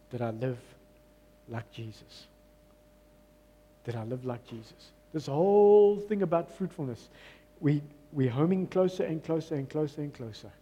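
A man's voice: mid-range voice, mellow, breathy edge, in a large hall. A man preaching a sermon in a church, emphatic and repeating his key phrases. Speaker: pastor.

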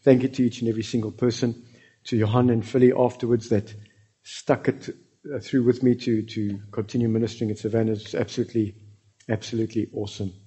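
A South African pastor preaching a lively sermon to his church, now and then dropping into Afrikaans. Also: medium pitch, fast talker, husky. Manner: animated, switching into Afrikaans.

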